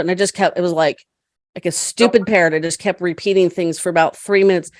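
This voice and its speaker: A middle-aged woman, a podcast guest, chatting and telling stories in a lively way, laughing often. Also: lowish voice, quick pace, dry recording, studio quality. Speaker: podcast guest, caregiver advocate. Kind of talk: storytelling in casual conversation.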